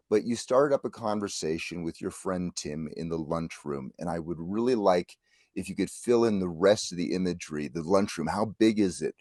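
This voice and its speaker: A man's voice: sits low, darkish tone, no room sound, clean studio sound. A man co-hosting a radio talk show, asking a guest many curious, detailed questions. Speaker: co-host. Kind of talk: casual interview questions.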